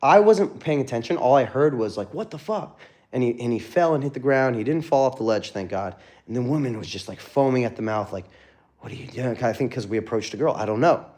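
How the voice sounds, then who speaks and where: A man's voice: mid-range voice, animated, quick pace, hardly any pauses, darkish tone. A young man, a dating coach, talking casually in a livestream with rambling stories and frequent swearing.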